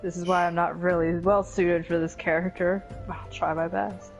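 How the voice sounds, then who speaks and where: A woman's voice: lowish voice, little pitch movement, normal speed, lo-fi sound, faint music behind. A woman co-hosting a let's play video, chatting about the game in a wry, laid-back way. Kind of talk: casual gaming commentary.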